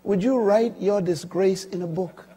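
A man in his sixties preaching a sermon, swinging from quiet, low stretches to loud, high, emphatic lines. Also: unhurried, breathy edge. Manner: dramatic swings from quiet to loud, rising pitch on key lines. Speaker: pastor.

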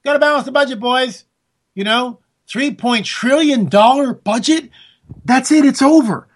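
A man delivering a sarcastic, animated political monologue, talking straight to his listeners as folks. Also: extremely high pitch, moderate pace.

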